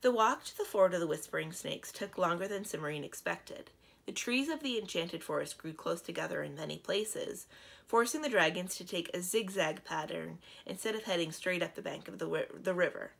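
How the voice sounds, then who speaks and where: A woman librarian reads a children's book aloud with gentle, steady storytelling. Her voice sits low, with a gravelly, husky texture. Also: a little fast.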